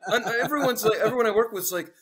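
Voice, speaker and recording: A man in his forties co-hosting a podcast, telling profane, animated stories in casual chat and acting out the people he quotes. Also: extremely high pitch, quick pace, a crowd in the background. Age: 40s. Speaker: podcast co-host.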